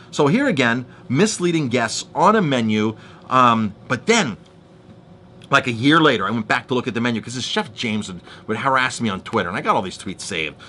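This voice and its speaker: Animated, bright-voiced man ranting. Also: mid-range voice, slightly rough. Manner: animated storytelling, restarts, acts out quoted exchanges. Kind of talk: casual ranting monologue.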